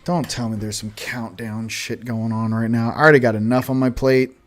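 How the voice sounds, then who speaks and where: A male host giving a casual oracle card reading, with sarcastic joking asides and slow, emphatic stresses on the card words. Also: medium pitch, level tone, faint music behind.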